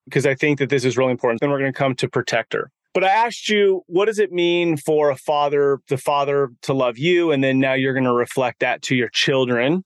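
A man's voice: mid-range voice, a bit bright, no echo, studio quality. A man hosting a podcast, speaking earnestly and emphatically, recapping with repetition. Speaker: podcast host. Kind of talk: casual chat.

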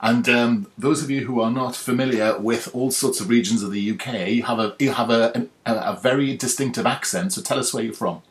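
A man's voice: medium pitch, fairly quick, hardly any pauses. A man hosting a podcast interview, chatty and friendly with some restarts. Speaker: podcast host.

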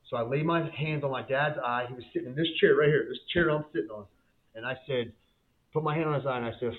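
A man's voice: mid-range voice, quick pace. Man, guest, fervent faith testimony, casual slang, repeats himself, thin phone-like sound. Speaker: guest, business owner. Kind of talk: emotional faith testimony storytelling. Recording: tinny phone-like line.

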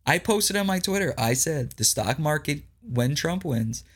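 A man's voice: fairly high pitch, animated, unhurried, fairly bright tone. A man hosting a political commentary podcast, reading news aloud and reacting in an incredulous, ranting way, repeating lines for emphasis.

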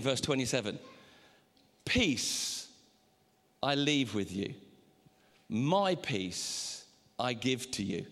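A man preaching a sermon as pastor, animated, with sudden jumps up in pitch. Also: long reverb tail.

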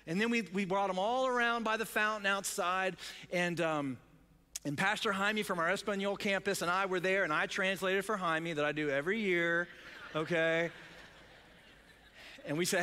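A male pastor telling a story in a sermon, excited, with many restarts. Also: high-pitched, moderate pace, clean tone, big-room sound.

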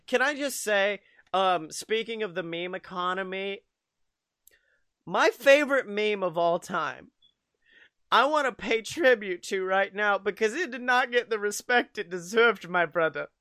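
A man's voice: sits high, measured pace, pushed and bright, dry recording, studio quality. A young man co-hosting a podcast, joking and laughing often as he tells stories in casual chat. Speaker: podcast co-host.

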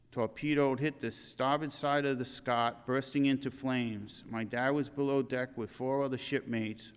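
An older man delivers a eulogy in a church, his voice smooth and resonant. The reading is earnest and halting, with small restarts, and a long reverb trails each phrase through the hall. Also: medium pitch.

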